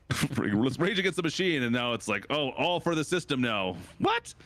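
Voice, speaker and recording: Animated Canadian man chatting on stream. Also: normal speed, no echo. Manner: rambling, animated, jumps up in pitch for reactions. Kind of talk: casual chat with chat while gaming.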